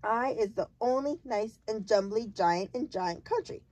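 Woman doing a big friendly giant, booming and emphatic, slow, dry close sound. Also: expressive, a little mellow, no room sound. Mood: protesting. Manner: jumbled grammar, booming and emphatic. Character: big friendly male giant, muddled, kindly.

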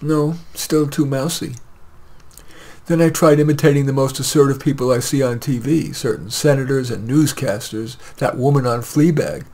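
A man reading his own short story aloud in a plain, measured way with light hesitations. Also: medium pitch, mellow.

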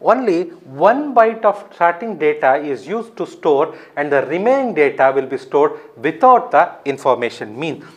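A man's voice: on the high side, very animated, normal speed, hardly any pauses. A man giving a recorded lecture, explaining step by step, often asking his own questions and answering them.

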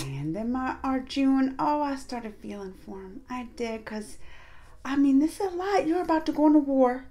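A woman with a high voice talks through a reaction video in a loose, rambling way. She fills her speech with fillers and restarts, and retells what the characters say in her own voice. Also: lively intonation, moderate pace, mellow. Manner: retells scenes by acting out the characters' lines. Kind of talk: casual reaction commentary.

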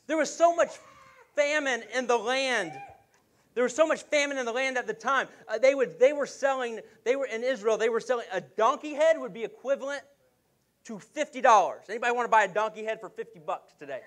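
A man's voice: very high-pitched, fairly quick. A man preaching a sermon as pastor, telling stories with jokes and putting on voices for the characters. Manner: lively storytelling with jokes and acted voices.

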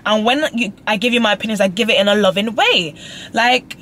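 A woman's voice: mid-range voice, fast, fairly bright tone. A young woman vlogging from her car, venting emotionally and swearing freely as she talks through a falling-out with a friend. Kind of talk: casual vlog rant. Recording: car noise behind the voice.

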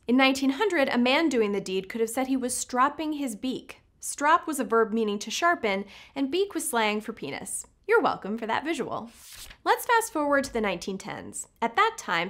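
A woman hosts a scripted educational video in a fairly high voice that moves up and down a great deal. She delivers her facts in a playful way and tosses in jokey asides. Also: a bit bright. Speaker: host, editor-in-chief.

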